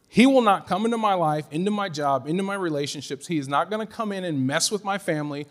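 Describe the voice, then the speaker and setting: Middle-aged male pastor with a high voice, preaching with emphatic repetition and chuckling asides. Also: animated, fast talker, few pauses, long reverb tail. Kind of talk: sermon.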